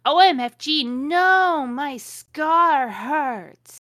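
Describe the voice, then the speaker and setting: A woman's voice: fairly high pitch, animated, fairly quick, sharp tone. A woman reading aloud the lines of a melodramatic teenage boy wizard with a vampire nickname, in a mocking, overwrought way.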